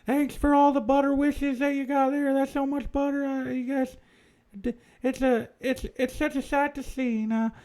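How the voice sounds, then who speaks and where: A man voicing the ghost of an effeminate Southern man with a lisp, talking in a soft drawl during a comic livestream. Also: very high voice, little pitch movement, moderate pace, pitched above the performer's own voice. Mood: chatty.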